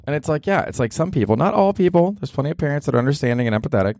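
A man's voice: medium pitch, animated, racing, darkish tone, no room sound, clean studio sound. A man in his forties hosting a podcast, chatting casually in a profane, rambling way and laughing often. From US South. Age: 40s. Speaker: podcast host. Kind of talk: casual solo podcast chat.

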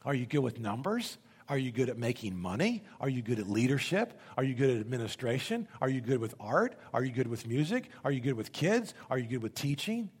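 A man's voice: medium pitch, big pitch swings, fairly quick, slightly rough. A man preaching a sermon as a pastor, telling a story with energy and rising to emphatic bursts. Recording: long reverb of a large hall.

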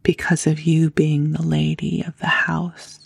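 A woman's voice: low voice, monotone, measured pace, vocal fry, slightly rough, dry recording, clean studio sound, heavily acted. A woman whispering a polite, scheming young schoolboy in whispered role-play, sweetly over-polite. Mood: ingratiating.

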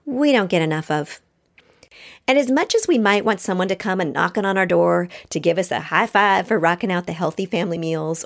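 A woman hosting her own podcast, speaking straight to listeners in an upbeat, encouraging way and reading aloud from her book. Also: fairly low pitch. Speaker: podcast host.

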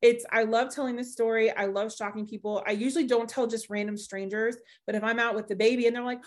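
A young woman, a podcast guest, telling a personal story in lively fashion and playing the other people's voices as she goes. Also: fairly high pitch, fast. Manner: animated storyteller acting out quoted voices.

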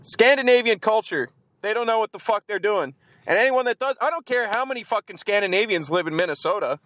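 Profane grumbling man, higher voice. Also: animated, a little fast, fairly bright tone, dry recording. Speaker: fan vlogger. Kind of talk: ranting post-game chat. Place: outdoors in the cold.

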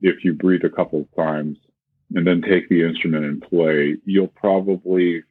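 A man with a deep, husky voice explains breathing technique in a relaxed, conversational way, now and then singing syllables to demonstrate. The sound is dry and thin, like a phone line. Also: normal speed, no echo. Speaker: flute teacher. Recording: tinny phone-like call audio.

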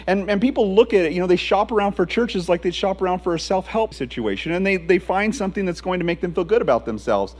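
A middle-aged male pastor preaching a sermon in a conversational, emphatic way, with a low hum behind him. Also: lively intonation, fast talker, few pauses, poor audio.

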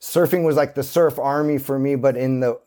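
A man's voice: mid-range voice, fairly even intonation, brisk, mellow. A man from Santa Cruz, a skateboarder guest, telling stories in a loose, rambling way full of fillers. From Santa Cruz, California. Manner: rambling storyteller, many fillers, easygoing. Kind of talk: casual interview.

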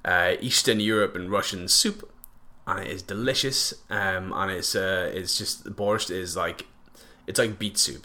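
A man's voice: deep voice, sharp tone. A young man, chatting casually and jokily to camera, rambling with lots of fillers and slang. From northeast England.

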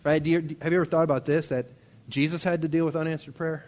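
A man preaching a sermon to a congregation in a conversational, animated way, often checking in with "right?". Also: a little high, quick pace. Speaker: pastor. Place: church hall before a congregation.

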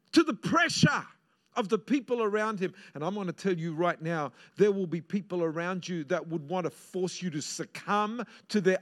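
Male preacher, sermon, high voice, emphatic, repeats words. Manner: emphatic, repeats words, swings from loud to hushed.

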